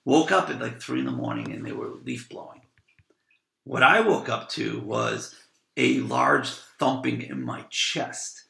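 A man's voice: mid-range voice, measured pace, gravelly, pushed and bright, slight background noise. A man telling stories casually as a podcast guest, rambling and repeating words as he acts out what people said. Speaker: podcast guest, van traveler. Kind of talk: casual storytelling. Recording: roomy echo.

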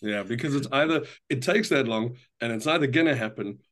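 A man's voice: medium pitch, fairly quick, a bit bright. An easygoing man with a mid-range voice chats on a podcast. He speaks loosely, with a few restarts, and laughs easily. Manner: easygoing, laughs often, uses analogies. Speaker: podcast co-host, musician. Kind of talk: casual podcast chat.

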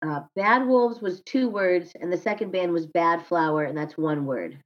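A woman's voice: on the low side, normal speed. A woman co-hosting a podcast in casual chat, rambling and correcting herself as she goes. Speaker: podcast co-host. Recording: slightly dull lo-fi sound.

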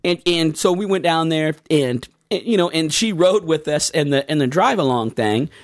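A man with a fairly high voice, telling long rambling stories in a loose, profane chat. He laughs a lot between lines. The sound is close and dry. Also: animated, moderate pace, no room sound. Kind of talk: casual chat, storytelling.

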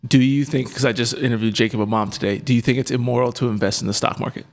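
Male podcast host, mid pitch; teasing, jokey, quick to laugh. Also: steady tone, creaky. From Canada. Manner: playful, laughs often, teasing. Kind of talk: casual interview chat.

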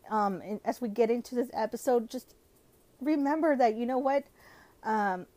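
A woman's voice: on the high side, warm tone, no room sound. A woman with a cold, sounding nasal and congested, hosting a casual podcast, switching between English and Spanish and using lots of "you know" and "like". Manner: many fillers like "you know" and "like". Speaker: podcast host.

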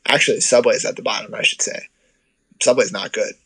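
A man's voice: on the low side, fairly even intonation, quick pace, gravelly, sharp tone, breathy edge, rough recording. A man from the United States chatting casually about life abroad, with lots of fillers and self-corrections. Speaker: guest describing life abroad. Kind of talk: casual conversation.

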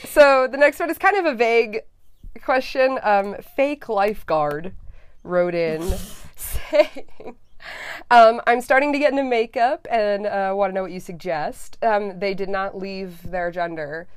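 A woman's voice: mid-range voice, expressive, a little slow, smooth, no room sound, clean studio sound. A young woman co-hosting a podcast, reacting with laughs and reading listener questions with lots of ums. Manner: reactive, laughing, hesitant fillers. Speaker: podcast co-host.

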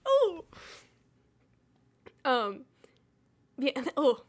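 A woman's voice: high-pitched, wildly swooping pitch, very slow. A woman co-hosting a podcast in casual chat, giggling often and gushing with enthusiasm. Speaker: podcast co-host.

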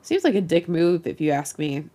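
A woman's voice: fairly low pitch, very animated, moderate pace, dark tone. A woman doing a cheeky, randy young space pirate.

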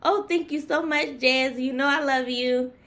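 Earnest high-voiced woman, halting. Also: steady tone, creaky, a bit bright. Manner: halting and earnest, many fillers; emotional and grateful. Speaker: guest, herbal tea maker. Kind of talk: casual interview chat. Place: live-streamed talk show.

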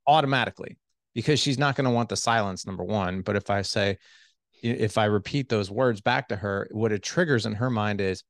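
This fairly low, fairly quick male voice belongs to a middle-aged relationship coach giving advice in a podcast interview. He animatedly explains communication skills and imitates himself and his wife. The studio sound is clean, with no room sound.

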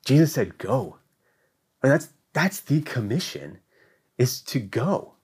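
Lively, emphatic preaching man. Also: unhurried, husky. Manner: emphatic, repetitive preaching that swings between loud peaks and hushed lows. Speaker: church teacher. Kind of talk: sermon.

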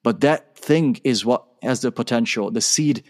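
A man's voice: mid-range voice, normal speed. A man telling a personal story as a guest on an interview show, talking with energy and acting out the dialogue. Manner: animated, acts out dialogue in his story. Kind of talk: conversational storytelling.

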